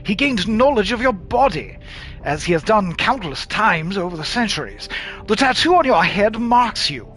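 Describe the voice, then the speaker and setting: A man's voice: sits high, sing-song, moderate pace, fairly bright tone, soft background music, voice pushed up. A man putting on a posh old-fashioned London gent. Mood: reverent. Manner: formal and reverent. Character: tall gaunt sonorous man speaking in a posh old London accent.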